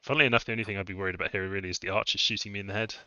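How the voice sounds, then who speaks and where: A man's voice: lowish voice, fairly even intonation, racing, bright, forceful tone, smooth, no echo. A man thinking aloud as he live-streams a strategy game, musing over his moves. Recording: dull lo-fi dry mic sound.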